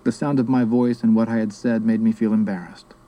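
Man with a very dark voice narrating. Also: on the low side, steady tone, fairly quick, rough recording. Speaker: audiobook narrator. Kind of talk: scripted narration.

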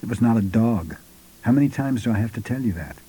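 A man's voice: medium pitch, animated, quick pace, dark tone, breathy edge, low-quality recording. A man voicing an old male sorcerer who talks in a curt, insistent way as a patient, stern teacher in an audiobook.

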